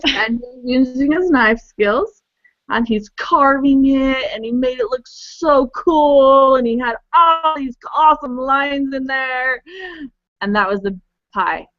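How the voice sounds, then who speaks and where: A middle-aged woman co-hosting a casual group chat, animated and quick to laugh. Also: high-pitched, no echo, muffled recording. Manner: animated, laughs often, plays up big expressions. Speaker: co-host.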